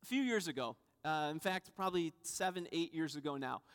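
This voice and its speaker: Thirties male pastor, lively story-driven sermon with wry humor; higher-pitched voice ringing in a reverberant sanctuary. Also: a little fast, clean tone. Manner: animated storyteller, self-deprecating humor, acts out voices. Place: church sanctuary. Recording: reverberant church hall.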